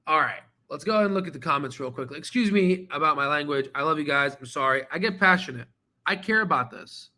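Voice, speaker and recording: A man hosting a stock trading channel, talking casually and excitably while going through charts, swearing now and then and repeating himself as he rambles. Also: fairly high pitch, fast. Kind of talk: casual screen-share market commentary.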